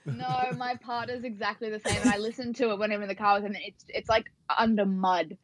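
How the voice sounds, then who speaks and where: A woman co-hosting a podcast in casual book chat, talking fast and animated, with lots of fillers and some swearing. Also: fairly high pitch, dry recording. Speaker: podcast co-host.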